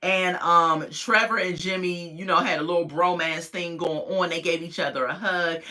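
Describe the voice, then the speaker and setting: Lady chatting thru a show recap, aave, acts out everyone's lines, bright lowish voice. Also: moderate pace. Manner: animated storytelling, acts out quotes, laughs often. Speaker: reality show recap vlogger. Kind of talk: casual chat.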